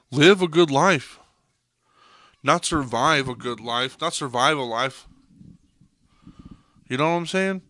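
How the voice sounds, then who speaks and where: A young man talks straight into a dead-dry mic with a bright, tense edge. His pitch sits slightly high for a man. He preaches with intensity, circles back through the same phrases, and swears without pause. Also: no room sound. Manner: intense, repetitive, swears freely. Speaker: podcast host. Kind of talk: impassioned podcast monologue.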